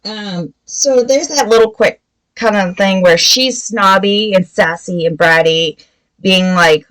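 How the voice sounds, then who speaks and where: A woman's voice: medium pitch, slow, fairly bright tone, rough recording. Chatty woman recapping a book. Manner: rambling retelling with many fillers. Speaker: book review podcast host. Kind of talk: casual spoken book review.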